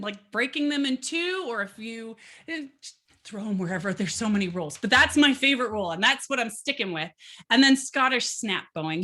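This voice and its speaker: A woman's voice: high voice, sharp tone. A woman teaching a violin lesson in a chatty, upbeat way, with fillers and asides between demonstrations. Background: violin playing between phrases.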